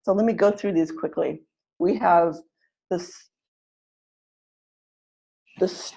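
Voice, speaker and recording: A woman's voice: lowish voice, creaky, warm tone, husky. Woman teaching pronunciation on a webinar. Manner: explains slowly, claps out syllables and models words.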